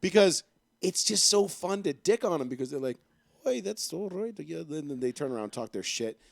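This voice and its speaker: Young male co-host: blunt, swearing rant style, slightly high voice, dead-dry mic. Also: a little fast, gravelly, no echo. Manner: profane, blunt ranting. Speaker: podcast co-host. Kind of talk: casual sports podcast chat.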